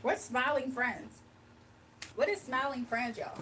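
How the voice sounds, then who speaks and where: A woman's voice: high-pitched, fairly even intonation, measured pace, fairly bright tone. A woman hosting a casual livestream, talking with her chat in a loose, joking manner and laughing often. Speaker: livestream host. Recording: voice from a distance with faint background noise.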